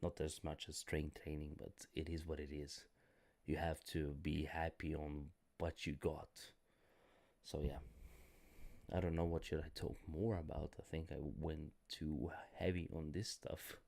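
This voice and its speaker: A man with a very low, gravelly voice, cracking and hoarse. He talks on a live stream in a blunt, rambling way, correcting himself as he goes. He sounds tired. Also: level tone, unhurried, a little mellow. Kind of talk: casual live-stream talk.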